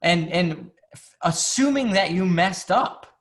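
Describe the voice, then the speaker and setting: A man's voice: high voice, expressive, slow, fairly bright tone. A man, a psychologist, speaking as a guest in a candid, casual conversation full of fillers and restarts.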